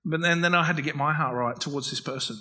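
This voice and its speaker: A man's voice: fairly high pitch, fast talker, rough recording. A man preaching a conversational sermon as a pastor, earnest and full of personal stories. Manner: earnest, storytelling, warm-hearted anecdotes.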